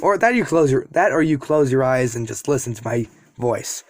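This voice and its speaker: A man casually telling a fan story to his viewers, wandering off on tangents and poking fun at himself. His voice sits at a middle pitch. The recording is dry and close, with no room sound. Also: lively intonation, normal speed, no room sound. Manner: rambling, self-deprecating asides. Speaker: YouTube storyteller.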